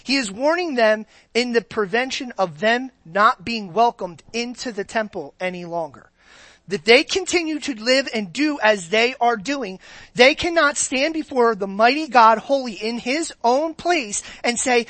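A woman's voice: fairly high pitch, lively intonation, a little slow, a bit bright, no echo. A woman preaching a sermon in a conversational way, often checking in with the congregation. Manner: conversational, keeps checking in with the audience.

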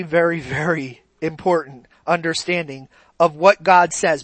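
A man's voice: high-pitched, bright, forceful tone, dry recording. A man preaching a sermon in a conversational way, often asking his congregation questions.

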